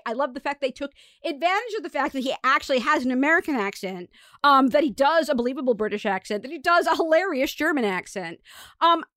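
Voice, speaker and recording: A young woman co-hosting a podcast in an animated, casual way, full of fillers and quick laughs. Her voice sits high and sounds bright. The recording is dry and close. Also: no room sound. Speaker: podcast co-host. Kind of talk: casual chat.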